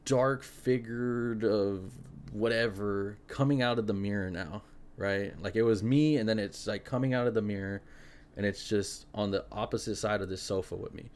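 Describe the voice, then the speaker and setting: A young man hosting a podcast, telling a spooky personal story in an animated, casual way, full of fillers. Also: fairly low pitch, moderate pace. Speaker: podcast host.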